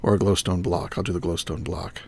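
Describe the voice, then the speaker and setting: A man's voice: sits low, flat delivery, fairly quick, a little mellow. A man streaming a game live, thinking aloud and muttering item names as he works. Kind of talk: live gameplay commentary.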